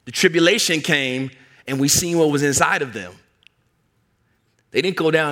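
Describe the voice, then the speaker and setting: A man's voice: on the high side, moderate pace, long pauses, sharp tone. A man preaching a sermon in an emphatic, conversational storytelling manner.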